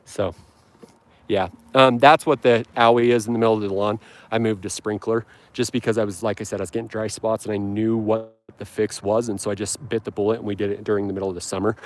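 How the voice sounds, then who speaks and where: A man's voice: lowish voice, level tone, fast talker. A man hosting a casual lawn care live stream, rambling and upbeat with frequent ums and restarts, outdoors on his lawn. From Utah. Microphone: handheld phone camera.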